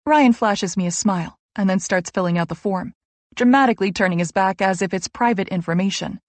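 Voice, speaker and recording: A woman narrating a first-person romance audiobook with a lively, wry storytelling manner. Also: mid-range voice, a little fast, no echo.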